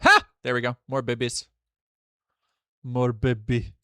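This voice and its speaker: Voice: medium pitch, unhurried, smooth, no echo, clean studio sound. A streamer talking casually to chat while reacting to videos, swearing freely and thanking donors. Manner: profane, animated, chatty. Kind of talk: casual live-stream commentary.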